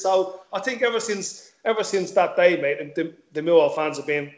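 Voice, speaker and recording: A man's voice: on the high side, brisk, hardly any pauses, roomy sound, a little hiss or hum. A middle-aged man, a former footballer chatting as a guest, repeating words and swearing casually. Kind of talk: casual interview chat.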